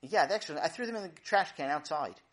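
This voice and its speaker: A man's voice: fairly high pitch, expressive, quick pace, a bit bright, pitched above the performer's own voice. A man voicing an easygoing, absent-minded young boy who stammers and hesitates.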